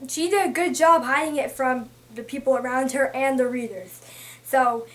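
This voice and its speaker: A young woman talking casually about a book she read, chatty and excitable, often restarting her sentences as she thinks aloud. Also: high-pitched, normal speed. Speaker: book vlogger.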